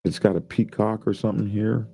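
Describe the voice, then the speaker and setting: A man's voice: lowish voice, fairly even intonation, a little fast, gravelly, dark tone. A man casually reading news stories aloud and joking about them with his co-hosts. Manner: reads headlines aloud then riffs jokingly. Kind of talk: casual news commentary chat.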